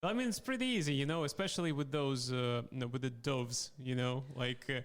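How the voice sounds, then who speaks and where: Russian-accented man, laughing host. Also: mid-range voice. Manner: laughs often, halting restarts. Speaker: podcast host. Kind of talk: casual comedy chat.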